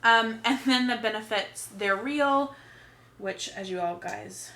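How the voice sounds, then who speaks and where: A young woman from Texas talks through her makeup in a loose, rambling way, dropping swear words. Her voice is bright and a little high. The room around her is echoey. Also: slow. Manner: chatty, swears freely, rambling asides. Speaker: beauty vlogger. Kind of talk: casual makeup chat to camera.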